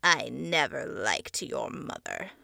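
A woman's voice: extremely low pitch, sing-song, slow pace, vocal fry, bright, forceful tone, no room sound, studio quality, pitched below the performer's own voice, exaggerated voice. A woman voicing a grotesque, greedy old man's face that leers and growls demands. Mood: sneering.

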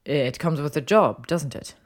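A woman reading the part of a sardonic, cocky young male wizard, giving him a dry, sarcastic, clipped delivery in a low voice. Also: a little slow. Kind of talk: audiobook character voice.

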